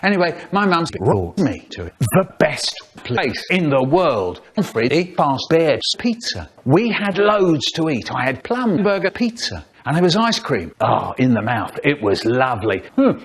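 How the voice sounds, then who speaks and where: Man, comic storyteller, rambling, higher pitch, very animated delivery. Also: unhurried, few pauses. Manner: rambling storyteller who jumps into character voices. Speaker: narrator. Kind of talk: comedic parody storytelling.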